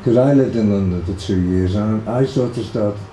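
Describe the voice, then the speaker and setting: A man's voice: on the low side, moderate pace, mellow. An older man with a Liverpool accent, casually reminiscing about his brother in an interview, rambling with many fillers and restarts. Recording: echoey room, faint background hiss.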